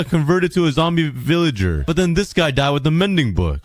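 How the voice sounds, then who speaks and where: A young man hosting a gaming channel, giving casual gameplay commentary in an excitable, exasperated, dramatic way. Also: fairly low pitch, fast talker, few pauses.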